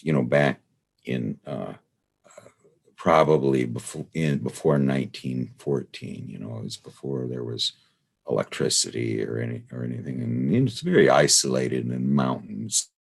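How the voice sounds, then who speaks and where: Male study-group leader, very low and gravelly, meandering casual lecturer on a video call. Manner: meandering, full of "you know" and "uh". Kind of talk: casual rambling lecture with anecdotes.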